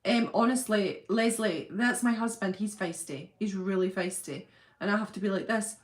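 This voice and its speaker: This middle-aged woman's voice is medium in pitch and moves at normal speed. Hosting her channel's casual livestream, she reads out viewer comments, laughs, and says hello to people by name.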